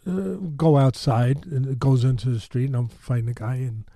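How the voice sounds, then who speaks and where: A man's voice: medium pitch, moderate pace, gravelly, mellow, dry recording, studio quality. A man telling a story in a loose, rambling way, full of fillers and restarts, with blunt street-tough talk. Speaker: storytelling guest. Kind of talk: casual spoken storytelling.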